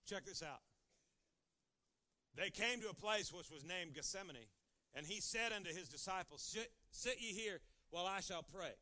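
A man's voice: sits high, bright, forceful tone. A male pastor preaching a sermon, acting out pleading voices dramatically.

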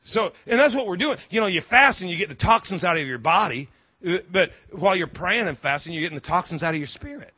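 A fairly high, husky male voice preaching with big swings in pitch. He jokes and riffs, repeating words as he builds each point. The sermon recording is dry and a bit dull. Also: dry recording. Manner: animated, humorous preaching with quick asides and repeated words. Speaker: pastor.

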